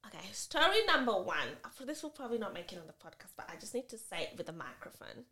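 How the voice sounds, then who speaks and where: A woman's voice: mid-range voice, sing-song, fast, bright, forceful tone, reverberant, a little hiss or hum. A woman co-hosting a podcast, telling a story with drama and swearing, acting out the people in it. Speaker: podcast co-host. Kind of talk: casual chat, animated storytelling.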